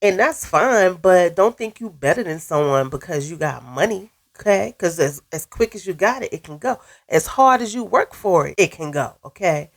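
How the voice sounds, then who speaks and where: A woman's voice: lowish voice, expressive, moderate pace, vocal fry, hardly any pauses. A woman with a stuffy cold voice, giving a blunt, sassy recap of a reality show and tagging her points with "okay?". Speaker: recap vlogger. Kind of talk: casual opinionated recap.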